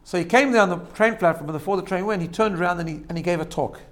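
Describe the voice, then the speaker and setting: A man's voice: high voice, rapid-fire. A man giving an informal religious talk, telling stories and often checking in with his listeners. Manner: storytelling, checks in with "right?", laughs at own jokes. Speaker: religious teacher. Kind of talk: informal sermon.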